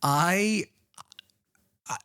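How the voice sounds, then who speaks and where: A man's voice: high-pitched, very slow, bright, forceful tone, clean tone, no room sound. A man co-hosting a podcast, chatting casually and laid-back about a horror film, recapping the plot with plenty of fillers. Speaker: podcast co-host.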